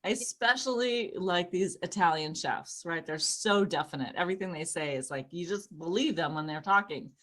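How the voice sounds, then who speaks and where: A middle-aged woman from Los Angeles performing a stand-up comedy set, chatty and animated, often jumping into high squealing voices to quote people. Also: moderate pace, few pauses.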